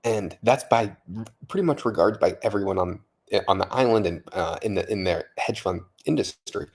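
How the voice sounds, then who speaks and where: A man's voice: fairly low pitch, normal speed, husky. A man vlogging late at night, a little tipsy from vodka, rambling, swearing and repeating himself in amazement. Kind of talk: casual late-night vlog monologue.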